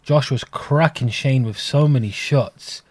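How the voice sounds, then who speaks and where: A man's voice: medium pitch, unhurried, no room sound. A young man, co-hosting a sports podcast in a chatty, casual way. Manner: chatty, London-style grammar like "he done his knee". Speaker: podcast co-host.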